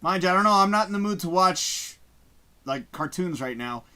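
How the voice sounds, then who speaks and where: A man hosting a casual livestream, reading viewer comments aloud and chatting in a profane, rambling, animated way. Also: high voice, normal speed. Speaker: livestream host.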